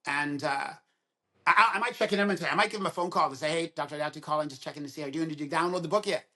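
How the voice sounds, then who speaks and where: Here a podcast guest around sixty, a dentist by trade, talks in rapid-fire bursts with a voice on the high side. He's a lively storyteller in a relaxed chat, playing both roles in the dialogue he recounts.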